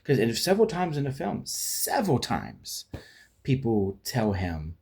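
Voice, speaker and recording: A man's voice: mid-range voice, very animated, moderate pace, a little mellow, husky. A man giving a casual spoken film review, rambling with frequent restarts and fillers and acting out quoted lines as he retells scenes.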